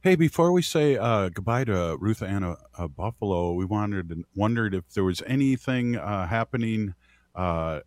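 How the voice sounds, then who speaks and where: A man's voice: low-pitched, no echo. A middle-aged man hosting a radio show from Minnesota, chatting casually with guests, with lots of "uh" and laughs. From Twin Cities, Minnesota. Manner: relaxed, chatty, many fillers and laughs. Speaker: radio host.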